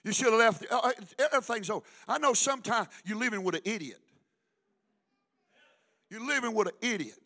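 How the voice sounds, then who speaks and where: High, bright-voiced preaching man. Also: expressive, fairly quick, long pauses. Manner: fervent preaching, swinging from hushed to loud. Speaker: pastor. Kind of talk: sermon.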